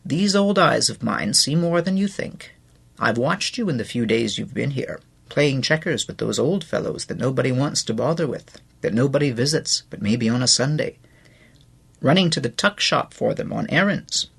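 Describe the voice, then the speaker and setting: A man reading an audiobook gives voice to a kindly older nurse who speaks gently but firmly. Her lines carry a gravelly, slightly husky texture. The delivery rises and falls in a lively way. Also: mid-range voice, normal speed, full character voice. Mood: gentle firm. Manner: gentle, plain-spoken. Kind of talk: audiobook character voice.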